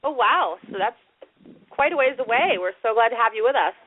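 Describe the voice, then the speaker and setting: A woman's voice: a little high, expressive, fairly quick, slight background noise. A woman hosting a call-in radio show, friendly and a little hesitant with frequent ums as she brings in callers. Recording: tinny phone line.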